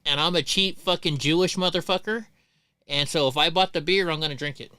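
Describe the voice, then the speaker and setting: A middle-aged man hosts a casual livestream and tells long, profane stories, full of restarts and asides. His voice is bright and crisp, with a close, dry sound. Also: a little high, a little fast, no room sound. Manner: rambling, profane, many restarts. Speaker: livestream host.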